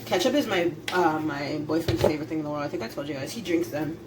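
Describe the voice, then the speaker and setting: A woman's voice: sits low, fast talker, heavy background noise. A young woman vlogging at home while cooking, chatty and laughing, swearing casually. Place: home kitchen.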